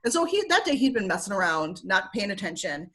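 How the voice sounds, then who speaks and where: Chatty woman telling stories on a call. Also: mid-range voice. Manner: animated, filler-heavy with frequent "like" and quick laughs. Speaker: interview guest, former teacher. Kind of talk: casual conversational storytelling. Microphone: video call.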